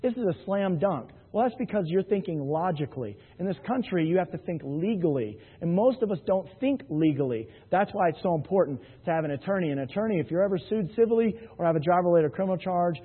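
A man's voice: high voice, lively intonation, fast talker, few pauses, slightly rough. A man giving an anecdotal sales talk to a live audience in a hall, joking and often asking the crowd "right?". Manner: jokey storyteller, keeps asking the crowd "right?". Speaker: sales presenter. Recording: tinny, phone-like, with long hall reverb.

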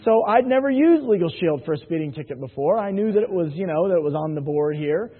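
A sales presenter gives an anecdotal talk to a live hall audience, cracking jokes as a storyteller and repeatedly asking the crowd "right?". His voice is a little high, expressive, fast, and slightly rough. The sound is tinny and phone-like, with long hall reverb.

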